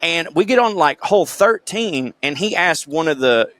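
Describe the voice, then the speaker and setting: A man with a Southern US accent co-hosting a podcast, talking in an animated, profane way as he tells stories. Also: a little high, normal speed, dry recording. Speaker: podcast co-host. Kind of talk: casual comedic chat.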